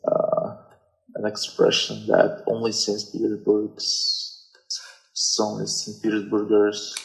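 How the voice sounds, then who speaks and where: Slow, hesitant Russian-accented man. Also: lowish voice, monotone, gravelly, low-quality recording. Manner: hesitant, searching for English words. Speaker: guest. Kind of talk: casual chat.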